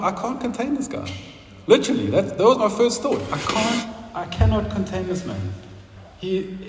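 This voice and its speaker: A man preaching a sermon in a church hall, talking conversationally and putting questions to the congregation. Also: high-pitched. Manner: conversational, asks the congregation questions, laughs at own stories. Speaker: pastor. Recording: roomy hall with long reverb, faint noise.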